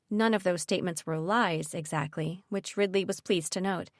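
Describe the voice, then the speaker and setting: A woman narrating a young-adult fantasy audiobook in a measured, even storytelling manner. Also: on the low side, no room sound, studio quality. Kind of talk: scripted narration.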